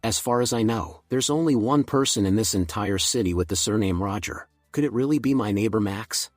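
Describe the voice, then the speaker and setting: A man's voice: fairly low pitch, a little fast, dry recording, studio quality, soft background music, natural voice. A man voicing a young woman reporter who earnestly protests and defends a student. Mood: shocked.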